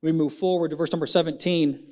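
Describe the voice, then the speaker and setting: Man preaching, high voice, young adult, dramatic swings, church sermon. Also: steady tone, a little mellow. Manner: preaching with big swings of pitch, dramatic slowdowns. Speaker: pastor. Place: church sanctuary.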